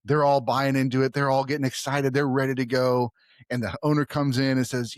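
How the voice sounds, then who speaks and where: A man's voice: mid-range voice, little pitch movement, a little fast, dry recording, clean studio sound. A man hosting a film podcast, talking casually and rambling, often trailing off and restarting. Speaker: podcast host.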